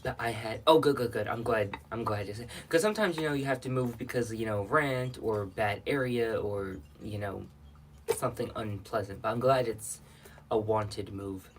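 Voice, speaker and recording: A man's voice: lowish voice, normal speed, slight background noise. A man hosting a casual livestream, chatting and rambling with viewers and greeting them by name, a little out of breath. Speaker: livestream host.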